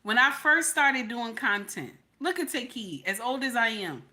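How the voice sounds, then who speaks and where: Older woman, live-stream reaction host, sassy and emphatic, high bright voice. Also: lively intonation, normal speed. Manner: sassy, repeats "okay?" often. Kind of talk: casual live-stream commentary.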